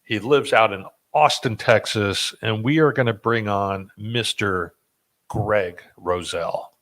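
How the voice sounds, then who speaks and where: A man with a lowish voice hosts a podcast in a relaxed, joking way. He talks loosely, often restarting his sentences and filling pauses with ums. The tone stays casual and conversational. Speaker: podcast host.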